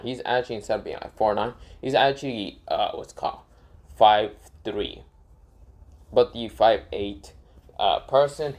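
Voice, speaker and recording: A man's voice: mid-range voice, a little mellow. A young man casually narrating a made-up fan story, rambling with many fillers and self-corrections.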